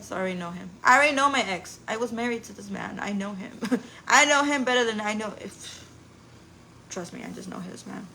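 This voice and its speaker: A woman's voice: mid-range voice, quick pace, vocal fry, sharp tone, low-quality recording. A woman in her forties chatting on a live stream as a mother, candid and casual, swearing lightly and laughing often. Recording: noticeable background noise.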